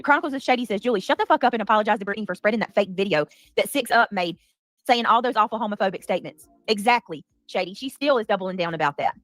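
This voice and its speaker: A woman hosting a heated livestream, talking fast and defensively with many restarts. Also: mid-range voice, fairly bright tone, no room sound, soft background music. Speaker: livestream commentary host. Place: home.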